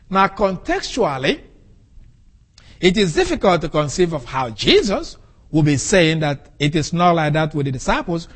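A man preaches from the pulpit in a measured, unhurried way, leaning hard on single words to drive his point home. His voice sits high and swoops widely up and down as he explains the text. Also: fairly bright tone, breathy edge. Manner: deliberate, emphatic, stresses key words. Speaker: pastor. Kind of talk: expository sermon.

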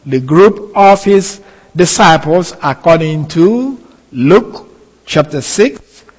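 A man preaching an expository sermon, speaking deliberately and repeating key phrases for emphasis. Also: fairly high pitch, animated. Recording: reverberant hall sound.

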